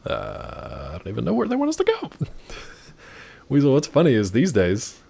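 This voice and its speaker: A man's voice: mid-range voice, huge pitch swings, normal speed, creaky, mellow, slightly rough. A man streaming a video game live, chatting casually and answering his chat with wry asides.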